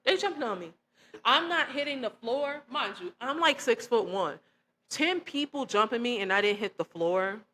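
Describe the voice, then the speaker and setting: A young woman vlogger telling a personal testimony to her viewers in an animated, emphatic way, often calling them y'all. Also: a little high, moderate pace. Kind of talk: casual storytelling to camera.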